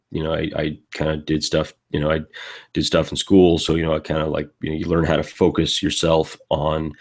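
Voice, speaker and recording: A tired man on a live panel, talking casually in a rambling way with many fillers and restarts. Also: extremely low pitch.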